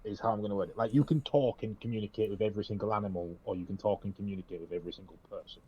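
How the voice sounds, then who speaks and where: A man on a casual podcast, throwing out quick, blunt, dry retorts. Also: fairly low pitch, steady tone, mellow. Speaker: podcast co-host. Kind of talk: casual chat. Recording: dull lo-fi with faint noise.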